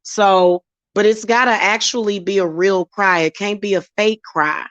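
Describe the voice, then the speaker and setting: A woman holds forth in casual chat, blunt and emphatic. Her voice sits at an ordinary middle pitch. The sound is close and dry, with no room in it. The recording is slightly dull and lo-fi. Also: fairly even intonation, measured pace, fairly bright tone, dry recording. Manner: blunt, emphatic, slips into acted quotes. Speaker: spiritual reader and channel host.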